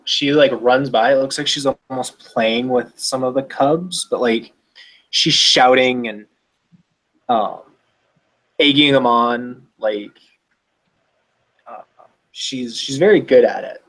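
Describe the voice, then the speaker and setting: A man at a tabletop game talking through what his character does, full of fillers and restarts. His voice is mid-pitched and easygoing. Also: slow, pauses often, a bit bright. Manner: rambling, filler-heavy, self-interrupting. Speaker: player. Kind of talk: casual tabletop narration.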